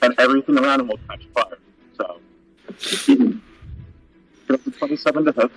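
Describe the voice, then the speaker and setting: A man's voice: medium pitch, normal speed, fairly bright tone, slightly rough, low-quality recording. A man playing a tabletop game, thinking aloud and asking about the rules. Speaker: player. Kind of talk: casual tabletop game talk.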